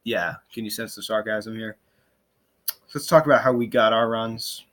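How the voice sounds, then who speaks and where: Speaking at a moderate pace in a lowish voice, a young sports podcast host talks casually but with animated frustration. He drops sarcastic asides and stumbles through lots of fillers and restarts.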